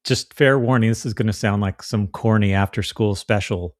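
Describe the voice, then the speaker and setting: A man co-hosts a podcast in a chatty, casual conversation, acting out the voices of the people he quotes. His voice sits on the lower side with fairly even intonation and a normal pace. The recording is dry and studio quality.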